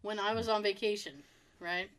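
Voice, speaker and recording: A woman's voice: mid-range voice, steady tone, normal speed, a bit bright, clean tone. A woman co-hosting a podcast, telling a story in casual chat with frequent laughs and fillers. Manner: chatty storyteller, laughs often, many fillers. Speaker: podcast co-host.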